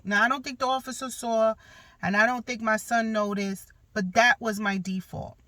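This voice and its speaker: A woman in her thirties tells a personal story on her podcast. She is candid and emphatic, cursing bluntly now and then. Her voice is bright and forceful, with a dry, close sound. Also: fairly high pitch, moderate pace, no echo. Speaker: podcast host.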